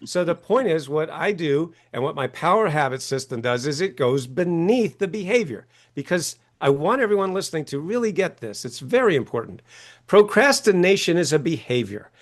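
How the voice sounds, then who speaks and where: Emphatic and animated, a male author and coach on an interview show dramatizes quoted voices and often asks "right?". His voice is fairly high and sing-song, moving at a normal speed.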